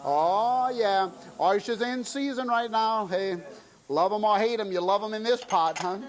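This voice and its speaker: He speaks at a measured pace in a high-sitting voice: a middle-aged man from South Louisiana hosting a TV cooking show. As he demonstrates a recipe, he keeps up folksy banter with the audience.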